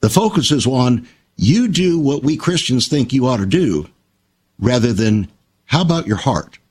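An older man talks in a husky, slightly breathy voice. His pitch rises and falls a lot as he tells his stories. He stresses his points in a measured, emphatic way. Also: big pitch swings, a little mellow. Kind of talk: reflective conversational talk.

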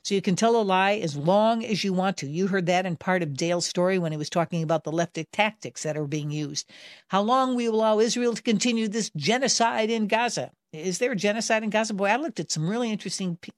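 A woman hosts a Christian radio talk program. She talks emphatically and conversationally, leaning into pointed questions. Her voice sits at a middle pitch, and the studio sound is dry and close. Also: fast, no room sound. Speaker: radio talk show host.

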